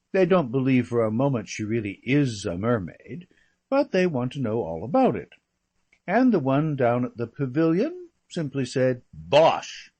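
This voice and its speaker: A man reading aloud as a chatty, flippant young English gentleman who rambles through gossip. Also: mid-range voice. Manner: rambling, breezy, full of slangy asides.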